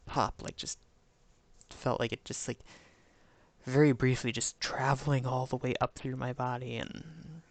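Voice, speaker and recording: Gravelly-voiced man streaming a game. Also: mid-range voice, steady tone, measured pace, dry recording. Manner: muttering to himself, hunting for words. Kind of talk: casual live-stream gameplay commentary.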